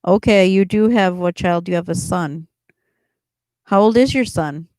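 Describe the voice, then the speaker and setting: Chatting casually with viewers on her livestream, this middle-aged host rambles through her answers and laughs a lot. She speaks unhurriedly in a lowish, slightly mellow voice, recorded with no room sound.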